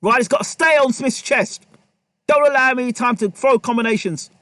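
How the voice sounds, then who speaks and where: A man giving live play-by-play boxing commentary, excitable and repetitive, often calling out to the fighters. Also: very high-pitched, fairly quick, no echo.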